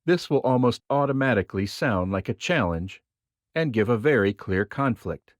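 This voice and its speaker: A man reads nonfiction aloud with a measured, expressive delivery. His intonation moves freely up and down over a middle-pitched voice. The recording is dry and close, with no room sound. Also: no room sound. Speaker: reader of a magic theory book.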